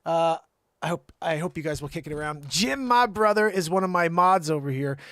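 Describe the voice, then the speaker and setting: A man hosting a call-in comedy livestream in a high, bouncy voice. He rambles through jokes and keeps teasing an off-screen helper. The sound is dry and close. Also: animated, brisk, fairly bright tone, no echo. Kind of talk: joking livestream banter.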